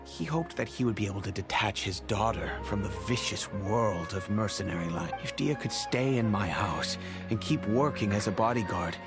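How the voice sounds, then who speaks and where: A man voicing a wealthy, kindly middle-aged father in game cutscene dialogue, telling the past in a measured, reflective way. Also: fairly low pitch, close to an everyday voice. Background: game music.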